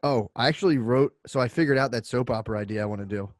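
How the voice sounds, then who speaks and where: A man co-hosting a casual comedy podcast, rambling and laughing as he pitches a bit, acting out the voices. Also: quick pace, dry recording, clean studio sound. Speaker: podcast co-host.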